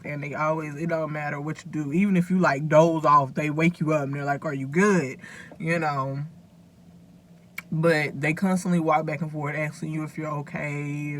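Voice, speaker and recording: Woman vlogger with a gravelly, creaky voice; casual, earnest, rambling address to camera. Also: low-pitched, slight background noise. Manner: earnest, rambling, advice-giving to viewers. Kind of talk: casual direct-to-camera talk.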